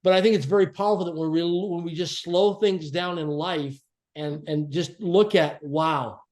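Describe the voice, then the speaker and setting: A man as a podcast guest, telling a personal story in an earnest, reflective way and slowing down to stress key phrases. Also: fairly high pitch, fairly even intonation, darkish tone. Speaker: podcast guest, author and speaker.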